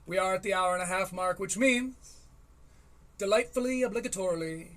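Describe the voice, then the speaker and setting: A man's voice: sits high, fairly even intonation, brisk, a bit bright. A young man hosting a solo podcast, riffing wryly on comedy and reading aloud. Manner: rambling, riffing and wry. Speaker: podcast host. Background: faint harp music.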